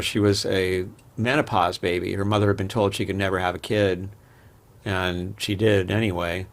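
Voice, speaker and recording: Low-voiced man telling candid stories. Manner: candid, rambling personal anecdotes with frequent restarts. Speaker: podcast guest. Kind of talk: casual interview storytelling.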